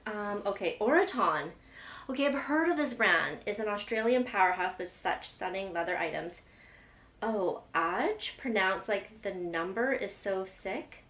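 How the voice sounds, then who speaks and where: A woman's voice: mid-range voice, animated, a little slow, fairly bright tone. Gushing young woman in an echoey room. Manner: gushing, emotional, chatty with many fillers. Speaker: lifestyle vlogger. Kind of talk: excited unboxing chat. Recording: echoey room with faint ambience.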